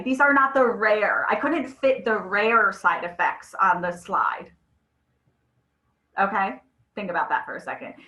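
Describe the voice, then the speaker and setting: A woman in her thirties presents a mental health webinar, chatting conversationally and telling animated stories with frequent asides to her audience and lots of "right?". Her voice is medium-pitched, and the audio is reverberant and poor.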